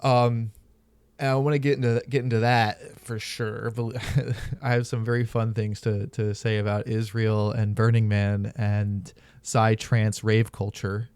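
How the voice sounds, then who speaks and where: A man's voice: lowish voice, flat delivery, measured pace, darkish tone, smooth, dry recording. A man hosting a podcast, telling stories in casual, candid and profane chat. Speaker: podcast host.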